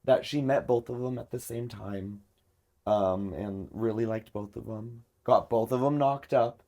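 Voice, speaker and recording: A man's voice: mid-range voice, unhurried, dark tone. A man hosting a podcast, telling a story in casual chat and filling it with lots of filler words. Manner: chatty, many filler words. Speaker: podcast host.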